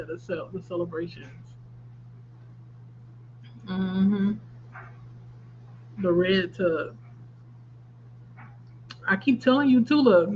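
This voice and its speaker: A woman in her thirties talks through a craft livestream in an animated, chatty way, reacting to comments and laughing often. The audio is slightly dull and lo-fi, with a faint hum underneath. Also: mid-range voice. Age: 30s. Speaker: livestream host. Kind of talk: casual livestream chat reading viewer comments.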